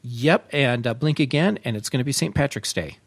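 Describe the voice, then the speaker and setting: Relaxed male tech podcast host. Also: medium pitch, fairly quick, breathy edge, no echo. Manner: relaxed, chatty, frequent uh fillers. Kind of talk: casual tech podcast talk.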